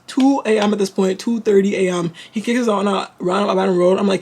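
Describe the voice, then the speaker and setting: A young woman from Canada, telling a storytime to her vlog audience in an animated, slangy way full of fillers. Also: medium pitch, fast, hardly any pauses, husky. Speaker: vlogger. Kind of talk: casual storytime.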